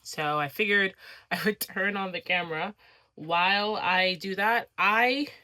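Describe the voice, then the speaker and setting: A woman's voice: medium pitch, unhurried, sharp tone, dry recording. A woman vlogger talking casually to her camera, chatty and rambling with frequent fillers. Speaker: crafting vlogger. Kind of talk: casual vlog chat.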